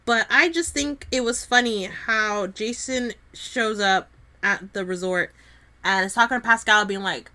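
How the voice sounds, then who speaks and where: A young woman with a bright, somewhat high voice co-hosts a casual podcast chat. She talks in a sassy, playful way. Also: animated, normal speed. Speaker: podcast co-host. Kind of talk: casual chat about a soap opera.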